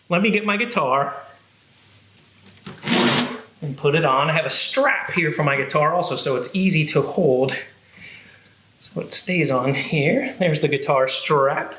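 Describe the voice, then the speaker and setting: A man's voice: on the high side, fairly bright tone, reverberant. A man who is a children's librarian, leading a cheerful sing-song music and movement session for young kids.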